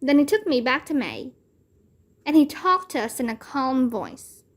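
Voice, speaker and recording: Lady reading a kids chapter book, slow and clear, high voice. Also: sing-song. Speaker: read-aloud narrator. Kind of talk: children's book read-aloud.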